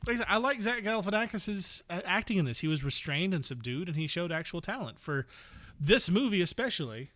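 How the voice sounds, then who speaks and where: A man's voice: high voice, big pitch swings, brisk, pushed and bright. A man hosting a movie podcast, chatting casually and reading out film credits with dry sarcasm. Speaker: podcast host. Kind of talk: casual movie review chat.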